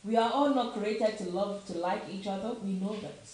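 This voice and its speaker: A woman's voice: mid-range voice, moderate pace, a little mellow. A middle-aged Nigerian woman with a Nigerian accent, giving an impassioned opinion talk with emphatic repeated questions. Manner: emphatic, repeats questions, slips into Yoruba phrases. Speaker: commentator. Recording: very echoey room, faint noise.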